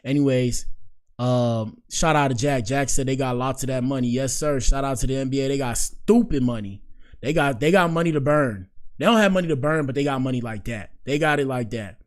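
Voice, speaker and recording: A man's voice: medium pitch, fairly quick. A young man hosting a casual live-stream show, talking in loose slang and reacting aloud to clips and his screen. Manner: slangy, animated, talks back to the screen. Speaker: show host.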